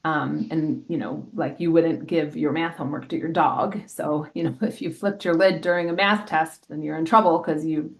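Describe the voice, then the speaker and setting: A middle-aged woman, an elementary school health educator, explaining in a lively way with examples in a casual interview. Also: low voice, normal speed, few pauses.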